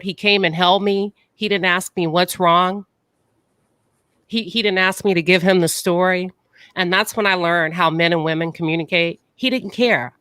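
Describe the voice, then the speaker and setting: A woman's voice: on the low side, a bit bright, no echo. Earnest woman telling a story, dry mic. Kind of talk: personal storytelling in a panel discussion.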